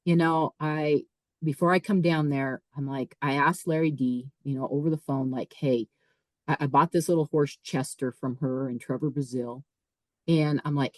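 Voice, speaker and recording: A woman, a podcast guest, telling a personal story in a lively way, often repeating and restarting her words. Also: low voice, no echo, rough recording. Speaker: podcast guest, author and speaker. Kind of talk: casual storytelling.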